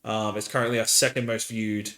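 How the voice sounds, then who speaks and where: A man's voice: fairly low pitch, brisk. Man telling stories, roomy sound. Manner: rambling, animated storytelling with laughs. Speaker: podcast host and dungeon master. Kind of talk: casual podcast chat.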